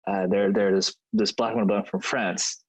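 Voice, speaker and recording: A man's voice: on the low side, little pitch movement, moderate pace, no echo, low-quality recording. A man co-hosting a podcast, chatting casually and rambling through his reviews with frequent restarts. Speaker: podcast co-host.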